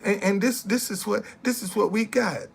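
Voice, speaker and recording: A man's voice: high-pitched, moderate pace, vocal fry, slight background noise. A man, ranting on a casual live stream, repeating himself and heckling commenters. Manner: repeats phrases, heckles chat commenters, laughs loudly.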